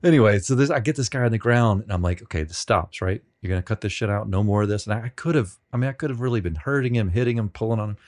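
A man being interviewed on a podcast, telling rambling, self-deprecating stories with many halting restarts. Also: lowish voice, a little mellow. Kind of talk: casual storytelling.

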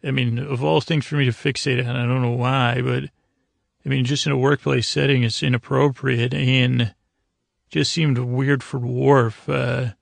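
A man with a heavily gravelly voice recaps a TV episode in a loose, rambling way. His delivery stays flat, and he keeps tripping over fillers and restarts. The sound is dry and close, with no room around it. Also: medium pitch, a little slow, no echo. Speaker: podcast host.

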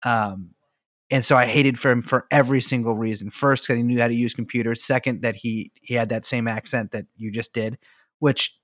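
A man's voice: mid-range voice, steady tone, moderate pace, fairly bright tone, no echo, studio quality. A man co-hosting a podcast, telling rambling, joking stories in casual chat. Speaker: podcast co-host. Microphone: studio mic with headphones.

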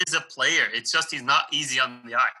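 A man of middle pitch who talks fast in a very bright voice. He chats about football casually and loosely, with a slangy manner. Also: steady tone, low-quality recording. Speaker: podcast co-host.

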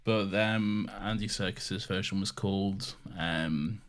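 A man's voice: low-pitched, fairly even intonation, slow pace. A man co-hosting a casual podcast chat who rambles playfully and often loses his train of thought. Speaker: podcast co-host.

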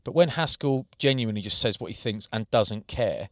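A man in casual podcast banter, telling an animated story about a friend. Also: on the low side, a little fast, no echo, studio quality. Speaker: podcast co-host. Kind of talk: casual chat.

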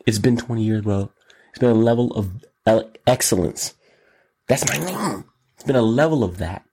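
A man hosting his own show, talking solo in an animated, exclamatory way, riffing and repeating words in long runs. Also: mid-range voice, normal speed, gravelly, long pauses, breathy edge. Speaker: show host. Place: Los Angeles.

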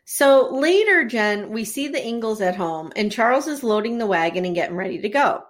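A woman with a fairly high voice that swings all over, chatting casually as a co-host. She retells a story with animated energy and slips into the characters' lines. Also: moderate pace. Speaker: podcast co-host recapping episodes. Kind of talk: casual chat.

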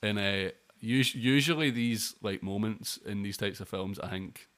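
A man's voice: on the low side, measured pace, fairly bright tone. A young man co-hosting a podcast, rambling and swearing through casual film talk. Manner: rambling, sweary, lots of restarts. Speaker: podcast co-host.

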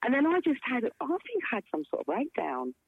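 A middle-aged woman with a husky, slightly breathy voice tells her stories with lively swoops of pitch, leaping high and dropping low. She sounds as if she is on a tinny phone line, close and dry, with no room around her. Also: a little fast, dry recording. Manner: animated storyteller, swings her voice up and down. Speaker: guest, stage performer. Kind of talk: casual chat.

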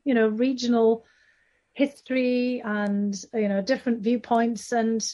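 A woman's voice: a little high, little pitch movement, measured pace, warm tone, dull audio. A woman with a Northeast English accent, an author answering interview questions at length, with many fillers and restarts. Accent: Northeast England. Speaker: author guest.

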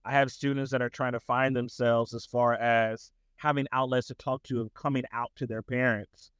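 A man's voice: mid-range voice, normal speed, clear, resonant tone, no echo. Young male guest, laid-back and rambling, medium voice, dry sound. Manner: relaxed, rambling, many fillers. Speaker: tutoring business owner, guest. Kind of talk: casual interview conversation.

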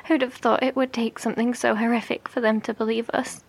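A woman's voice: on the high side, level tone, a little fast, gravelly, husky. A woman playing an anxious bunker survivor in a horror audio drama.

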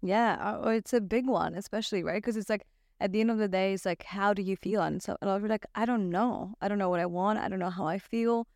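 A woman hosting a podcast, chatting in a lively way and acting out little quotes. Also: medium pitch, fast, dry recording, studio quality. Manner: chatty, animated, acts out quotes. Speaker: podcast host. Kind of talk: casual conversation.

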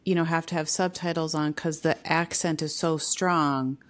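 A woman's voice: deep voice, fairly even intonation. A woman co-hosting a podcast, casually reading out questions and chiming in with short replies. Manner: reads out questions, quick backchannels. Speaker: podcast co-host. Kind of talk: casual chat.

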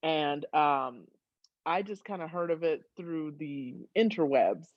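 A woman in her thirties, a guest on a podcast, telling a story with lots of laughter and high excited squeals. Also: slow, no room sound, highs cut off. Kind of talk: casual storytelling.

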